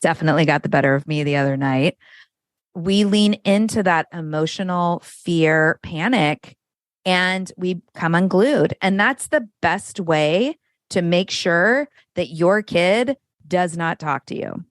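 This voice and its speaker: Candid middle-aged lady coach, swears a bit, low-ish voice, dry mic. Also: expressive, a little slow, no room sound. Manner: candid and frank, swears freely. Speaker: parenting coach and guest. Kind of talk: casual conversation.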